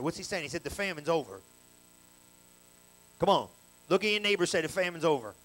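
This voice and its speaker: High-voiced energetic man preaching. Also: a little fast, poor audio. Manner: colloquial, story-telling preaching with slang; energetic, rising to loud bursts. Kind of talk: sermon. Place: church service.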